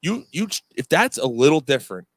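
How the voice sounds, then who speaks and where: A man's voice: on the high side, big pitch swings, fairly quick, dry recording. A man co-hosting a casual sports podcast, talking in a profane, rambling, opinionated way. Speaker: podcast co-host.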